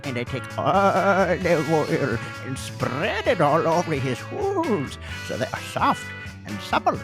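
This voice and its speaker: A man putting on a doting goat keeper who coos and sings in a high, swooping voice over loud music. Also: sing-song, takes it slowly, exaggerated voice. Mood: cooing. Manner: sing-song, cooing, swooping high.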